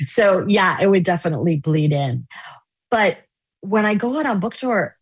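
A woman's voice: medium pitch, animated, moderate pace, slightly rough, no room sound. A middle-aged woman novelist, chatting casually in an interview, telling stories animatedly with many fillers. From United States.

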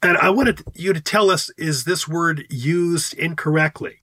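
Man hosting, bright slightly husky voice, animated chat, dry sound. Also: on the high side, no echo. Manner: animated, leads the segments, quick jokes. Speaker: podcast host. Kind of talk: casual chat.

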